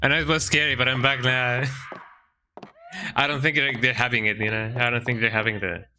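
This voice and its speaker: Streaming a game, a man chats and jokes as he plays, reading in-game text aloud and tagging his lines with "eh?". His mid-range voice is steady, bright and forceful at a moderate pace, with a little hiss or hum in the audio.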